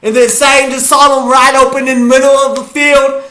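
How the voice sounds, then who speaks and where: A man reacting to a football game as a fan, hyped and often shouting his cheers. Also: extremely high pitch, little pitch movement, fairly quick. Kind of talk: live game reaction vlog.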